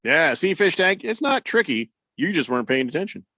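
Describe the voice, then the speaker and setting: A man's voice: fairly high pitch, sing-song, a little fast, pushed and bright, no room sound. A man hosting sports talk radio in playful, laughing banter with his co-host.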